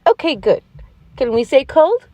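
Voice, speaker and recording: A woman's voice: high voice, big pitch swings, warm tone, no echo. Madame Gazelle, a woman as a patient gazelle teacher. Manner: slow, sing-song and encouraging, praising often. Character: gentle, patient gazelle schoolteacher, adult female. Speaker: preschool teacher.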